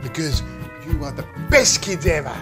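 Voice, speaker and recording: A man's voice: a little high, very animated, normal speed. A man playing a chirpy single dad. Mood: cheery. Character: cheerful single dad minding his kids. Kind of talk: comedy sketch acting. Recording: music playing under the voice.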